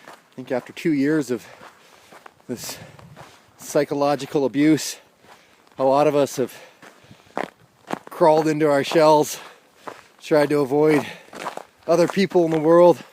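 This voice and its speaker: A man's voice: on the high side, steady tone, measured pace, long pauses, warm tone, a little hiss or hum. Wry rambling man outdoors. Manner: wry, rambling, with chuckled asides. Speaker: vlogger. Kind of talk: casual monologue.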